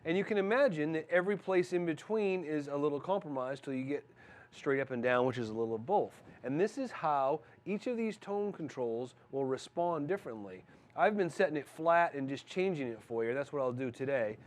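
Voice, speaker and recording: A man's voice: fairly high pitch, expressive, a little fast. A middle-aged man casually demoing a guitar amp in a music store, explaining each setting between riffs. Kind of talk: casual product demo. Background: loud electric guitar playing.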